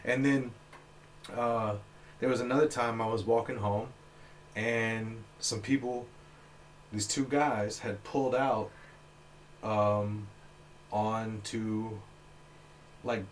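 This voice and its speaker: A man's voice: slow, pauses often, a little hiss or hum. A man telling a story in casual podcast chat, acting out what people said in a raised voice. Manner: animated, acts out quoted dialogue in a higher voice. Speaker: podcast guest.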